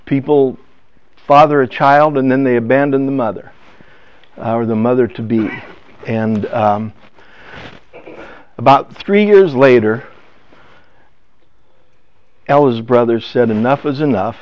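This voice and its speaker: An older man telling a family story in a personal testimony talk, halting and emotional, with many restarts. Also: medium pitch, smooth. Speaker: speaker. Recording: dull lo-fi sound.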